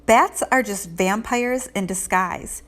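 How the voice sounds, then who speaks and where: A woman playing a jumpy vampire-obsessed schoolboy. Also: slow pace. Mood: excited. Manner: excitable, nervous, raised pitch. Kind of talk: children's storybook read-aloud.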